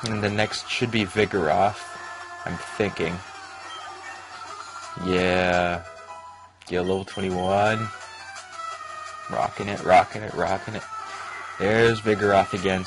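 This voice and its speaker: A man hosting a let's play, giving rambling gameplay commentary with excitable reactions. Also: deep voice, a little slow, long pauses, poor audio. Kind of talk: gaming commentary. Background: game music.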